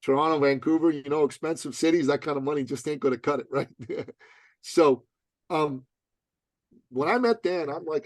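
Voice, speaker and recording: A man's voice: moderate pace, no room sound. A man telling a story as a podcast guest, emphatic and slangy, acting out both sides of the dialogue. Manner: emphatic, slangy, acts out dialogue in high voices. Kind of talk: animated storytelling.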